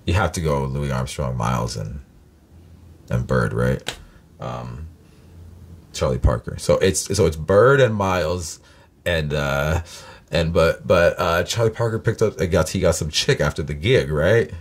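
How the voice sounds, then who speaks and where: Brief: deep-voiced male host, casual, profane, rambling reaction chat. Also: unhurried, slightly rough. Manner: profane, rambling, many fillers.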